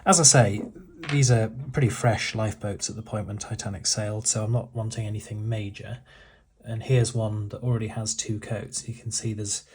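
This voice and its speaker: Middle-aged guy with a low husky voice, talking through his model build, lots of uh and restarts. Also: fairly even intonation, normal speed, a little mellow. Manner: hesitant, with frequent restarts and fillers. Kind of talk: relaxed tutorial voice-over.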